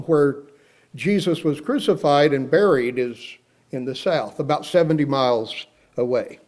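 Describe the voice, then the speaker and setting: A preacher delivering a sermon in a somewhat high-pitched male voice. He tells the story with energy and acts out each quoted line himself. Now and then he turns to the congregation with a direct question. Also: darkish tone. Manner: storytelling, acting out the quoted speech; asks the listeners direct questions.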